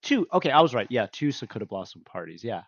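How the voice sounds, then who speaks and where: A man's voice: medium pitch, sing-song, fast, creaky, no echo, lo-fi sound. A man chatting casually with his stream viewers, rambling and laughing often. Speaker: livestreamer. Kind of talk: casual livestream chat with viewers.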